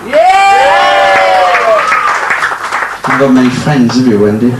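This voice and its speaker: A man's voice: fairly high pitch, expressive, brisk, heavy background noise. A man working as a stage hypnotist, teasing volunteers and the crowd with cheeky banter during a live nightclub show. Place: nightclub stage in front of an audience. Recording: echoey club, loud music and crowd.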